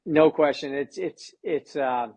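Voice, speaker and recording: A middle-aged man with a gravelly, husky voice that sits a little high for a man. He talks with animation as a podcast guest, often restarting with repeated words. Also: measured pace. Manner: animated, repeats words when starting a thought. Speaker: tennis coach, guest. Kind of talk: casual conversation.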